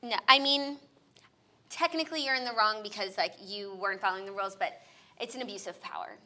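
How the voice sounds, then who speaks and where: Bright, quick-talking woman bantering. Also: medium pitch. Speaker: podcast co-host. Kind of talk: casual chat.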